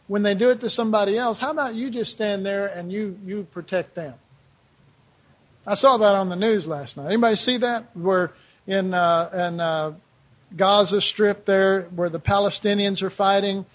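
A man preaching a sermon in a loose, conversational way, with lots of rhetorical questions and "you know"s. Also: high-pitched.

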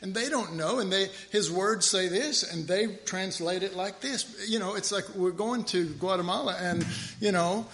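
A man's voice: high voice, moderate pace, a bit bright, a little hiss or hum. A man preaching a sermon in a rambling, conversational way, restarting his sentences often.

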